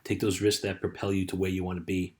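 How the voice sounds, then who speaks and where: A man in middle age talks like a life coach giving a relaxed pep talk. His voice sits fairly low, and he tells a story loosely, full of "you know" and "right?" asides. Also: fast talker. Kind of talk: casual motivational talk.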